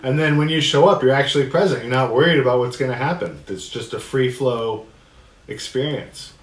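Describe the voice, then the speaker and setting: A man teaching a discussion workshop, reading passages aloud and explaining them in a relaxed way, often laughing. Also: medium pitch, fairly quick. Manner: relaxed, laughs often, acts out quoted voices. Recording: echoey room with faint noise.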